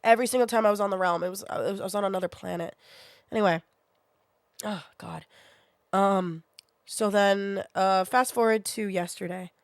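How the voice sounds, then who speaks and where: A woman's voice: mid-range voice, moderate pace, pauses often, dry recording, clean studio sound. A woman in her twenties who is sick with a sinus infection, telling a rambling story to her stream with lots of swearing. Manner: swears freely, rambling and animated. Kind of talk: casual storytelling to a live chat.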